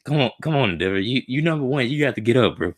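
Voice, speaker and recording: A man's voice: medium pitch, expressive, fast. A man streaming a live reaction to a comic chapter. He talks casually and emotionally in slang, muttering to himself as he reads.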